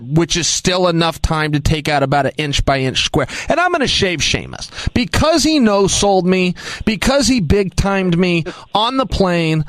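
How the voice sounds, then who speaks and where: A man guesting on a radio show tells his story with animated, emphatic energy and a touch of self-mockery. His voice sits high and swoops widely in pitch. The sound is close and dry, with no room around it. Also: dry recording. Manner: excitable, emphatic, self-mocking.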